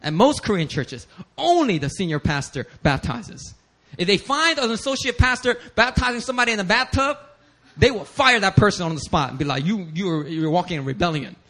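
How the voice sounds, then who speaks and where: A man preaching a sermon as pastor, telling stories animatedly with bursts of shouting and laughter. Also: high-pitched, big pitch swings, brisk.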